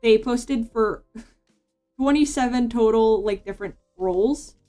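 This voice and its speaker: A woman streamer draws while chatting loosely, her speech wandering and full of "like" and restarts. She speaks slowly in a slightly high voice with a dark tone, and soft background music accompanies her.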